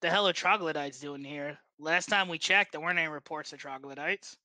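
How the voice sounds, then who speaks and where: A game master voicing a brisk, wary female agent in a tabletop game, speaking quickly and sounding puzzled. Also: medium pitch, sharp tone. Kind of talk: tabletop role-play voice.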